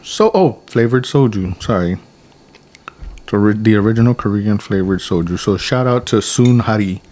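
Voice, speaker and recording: A man's voice: fairly low pitch, normal speed. Brief: young male podcast co-host, casual rambly chat, lots of restarts, acts out quotes. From United States. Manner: rambling storyteller, many restarts, animated quotes. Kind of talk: casual chat over drinks.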